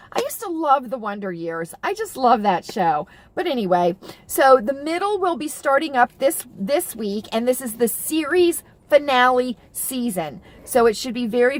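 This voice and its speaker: A middle-aged woman talks chattily to her viewers, wandering from thought to thought with lots of fillers and restarts. Her voice sits a little on the high side, and she gushes with feeling. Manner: gushing and emotional about TV shows. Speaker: vlogger. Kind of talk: casual chat to camera.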